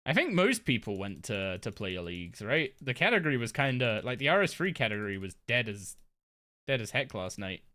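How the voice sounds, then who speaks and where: A woman's voice: a bass voice, very animated, fairly quick, a bit bright. A woman live-streaming a game from her home desk, chatting casually and rambling with lots of fillers and restarts. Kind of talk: casual live-stream chat while gaming.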